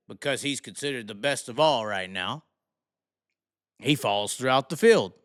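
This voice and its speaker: A man's voice: high voice, fairly bright tone, clear, resonant tone, no echo, studio quality. A man with a Southern US accent, ranting bluntly about racing, heated and swearing freely. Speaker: racing commentator. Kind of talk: profane opinion rant.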